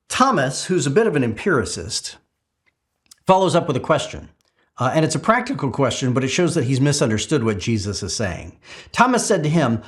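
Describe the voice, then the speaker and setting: A man's voice: mid-range voice, big pitch swings, moderate pace. Middle-aged male pastor preaching. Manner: storytelling, with frequent filler "uh"s and restarts. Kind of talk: sermon.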